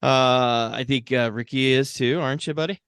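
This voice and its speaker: A podcast co-host with a mid-range, steady, slightly bright voice speaks at a moderate pace, his tone clear and resonant in a dry, clean studio recording. He's upbeat, laughs easily, and says "uh" a lot.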